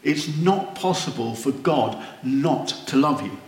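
A man preaching a sermon, slow and earnest, rising to wondering exclamations. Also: mid-range voice, lively intonation, darkish tone. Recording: roomy echo.

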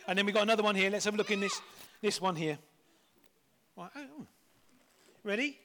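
Upbeat middle-aged man, high bright voice, jokey children's talk leader. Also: a little fast. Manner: playful, chatty, jokey.

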